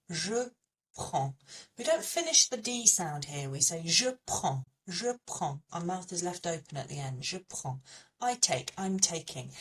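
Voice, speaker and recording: A woman presenting a language lesson as a French teacher, explaining patiently and repeating French words slowly to model how they sound. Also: on the low side, far from the mic.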